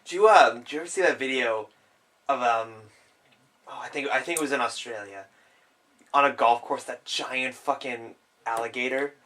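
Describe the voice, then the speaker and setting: A man's voice: mid-range voice, normal speed, bright, forceful tone. A young man co-hosting a podcast in casual chat, with dry, offhand quips. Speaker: podcast co-host.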